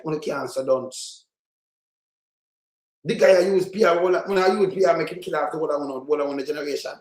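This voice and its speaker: High-voiced Jamaican man ranting angrily. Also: darkish tone, reverberant. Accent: Jamaican Patois. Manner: heated, profane, scolding rant. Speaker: political commentator. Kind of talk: reaction commentary on played clips.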